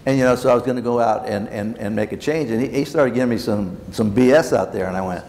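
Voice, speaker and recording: A man's voice: medium pitch, fast, few pauses, a little mellow. An older man, a former baseball manager, telling blunt anecdotes at a luncheon Q&A and acting out the dialogue. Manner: blunt, acts out quoted dialogue. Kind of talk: anecdotal storytelling in a Q&A. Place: large banquet hall. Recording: long reverb in a large hall, faint room noise.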